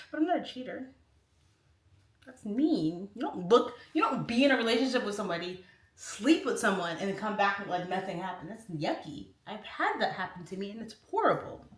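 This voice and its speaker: A woman's voice: medium pitch, very animated, a little fast. A woman in her thirties hosting her own livestream, telling comic stories in a chatty, rambling way with laughing asides. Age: 30s. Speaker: livestream host. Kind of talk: casual chat, comic storytelling. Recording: echoey room.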